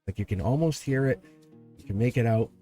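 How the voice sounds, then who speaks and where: A man hosting a live tarot stream, chatting casually and laughing often as he talks straight to his viewers, with soft music behind him. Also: mid-range voice, a little fast. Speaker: tarot reader and channel host. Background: quiet background music.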